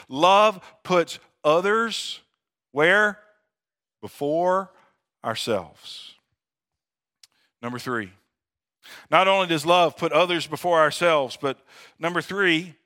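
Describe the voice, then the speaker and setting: A man's voice: high-pitched, bright, forceful tone. A man preaching a sermon as pastor, in a conversational way, often asking "amen?" and calling his listeners friends. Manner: conversational, calls for amens and addresses listeners as friends.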